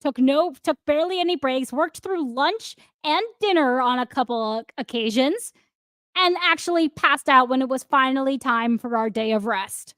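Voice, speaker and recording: A woman co-hosting a podcast in casual chat, teasing and quick to laugh. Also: high voice, a bit bright, no echo, clean studio sound. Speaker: podcast co-host.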